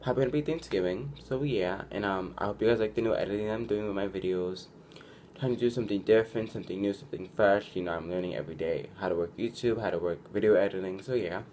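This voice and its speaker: Talking fast in a lowish, slightly mellow voice, this young man gives his audience casual vlogger advice. His speech is loose and chatty, heavy on "like," full of restarts, and includes acted-out quotes; a little hiss or hum can be heard.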